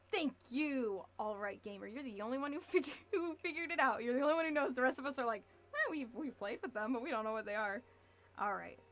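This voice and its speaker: A woman's voice: a little high, fairly bright tone. A woman in her thirties chatting casually on a livestream while building a model kit, reading chat messages and laughing often. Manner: chatty, giggly, reads chat aloud.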